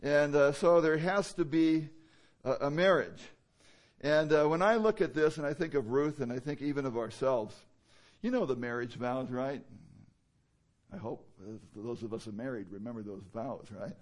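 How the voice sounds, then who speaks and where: A man's voice: medium pitch, moderate pace. A man preaching a sermon in a conversational way, with many fillers and rhetorical questions. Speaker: pastor.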